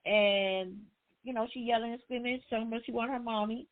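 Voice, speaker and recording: A woman's voice: fairly high pitch, steady tone, fairly quick. A woman hosting a book discussion, casually retelling a story in with loose, conversational phrasing. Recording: tinny phone line.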